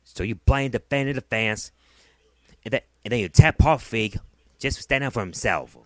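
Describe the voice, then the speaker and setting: A man's voice: medium pitch, normal speed, darkish tone, dry recording. A man delivering a heated, profane vlog rant, often repeating himself. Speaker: vlogger. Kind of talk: angry ranting vlog.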